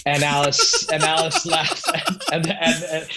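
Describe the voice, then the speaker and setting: A middle-aged man, a podcast guest and former rock musician, telling stories in a casual, animated and profane way. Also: fairly high pitch, measured pace, crowd noise, low-quality recording. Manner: animated, profane, acts out quoted voices. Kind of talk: casual storytelling.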